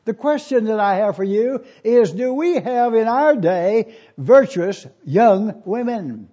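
An elderly male pastor preaches with a high, mellow voice. He reads scripture aloud and drives points home with slow, repeated questions, captured on a dull, lo-fi recording. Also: animated. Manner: emphatic, repeats key questions slowly. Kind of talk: sermon.

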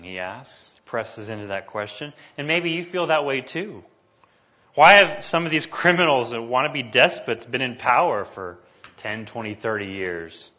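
Bright-voiced male preacher, muffled sound. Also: mid-range voice, animated, moderate pace. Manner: emphatic, rising to loud declamation when reading scripture. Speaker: pastor. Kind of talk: sermon.

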